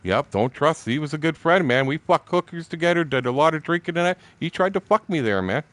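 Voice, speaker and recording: Laughing between remarks and swearing nonstop, a blunt man in his sixties tells casual, rambling stories while streaming a game. He talks a little fast in a fairly bright voice on the high side with lively intonation, and there is no echo.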